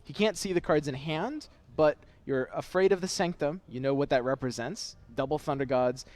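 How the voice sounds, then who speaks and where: A man's voice: on the high side, normal speed, a little mellow. A man doing play-by-play esports commentary on a headset, analytical and weighing each player's options. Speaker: esports caster.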